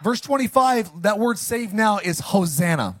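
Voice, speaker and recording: A man preaching a sermon as pastor, reading scripture and calling the congregation to repeat after him, with sudden loud, animated bursts. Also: high-pitched, a little slow. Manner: call-and-response, animated with sudden loud lines.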